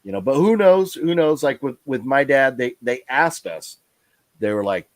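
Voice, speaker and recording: A man's voice: mid-range voice, expressive, moderate pace, dry recording. Tired guy hosting a live stream, rambly, lots of um and you know, dry close sound. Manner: rambling, many fillers and restarts. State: tired, yawning. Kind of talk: casual live stream chat.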